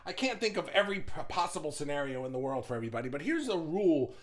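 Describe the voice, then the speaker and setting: Talking very fast in a sing-song voice on the high side, a middle-aged business owner dispenses blunt motivational advice casually. He swears freely and keeps stumbling and starting his sentences over.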